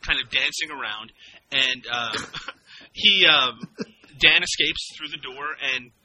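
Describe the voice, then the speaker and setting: A man's voice: medium pitch, slow, noisy background. A man, a filmmaker, chatting casually about his movie in a rambling way and laughing often. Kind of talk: casual film commentary.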